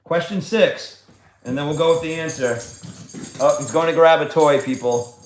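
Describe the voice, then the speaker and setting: A man's voice: fairly high pitch, moderate pace, a little hiss or hum. A man hosting a casual trivia livestream from home, chatty, fond and coaxing as he talks. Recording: echoey room.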